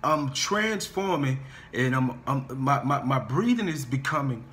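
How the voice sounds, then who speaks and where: Walking his students through warm-up scales at a measured pace, a singing teacher speaks with lively intonation in a mid-range voice and keeps encouraging them. His explanations come with stammers and restarts, frequent repetition, and lots of "okay?" and "guys."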